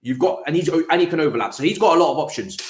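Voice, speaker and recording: Animated man breaking down football tactics. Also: on the high side, racing, echoey room. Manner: animated, talks in restarts and repeats. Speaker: podcast host. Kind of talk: casual football chat.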